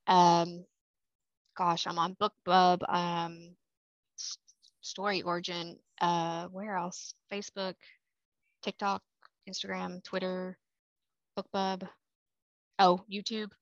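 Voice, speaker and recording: A woman author chatting as a podcast guest, talking freely with lots of fillers and quick laughs. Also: fairly low pitch, monotone, no room sound. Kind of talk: casual podcast interview. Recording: dry, slightly muffled remote mic.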